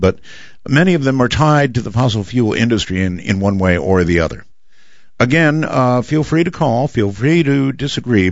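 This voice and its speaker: A man hosting a radio call-in show, speaking in a relaxed, wry way with frequent fillers. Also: lowish voice, no room sound. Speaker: radio talk show host. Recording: dry, slightly dull broadcast audio.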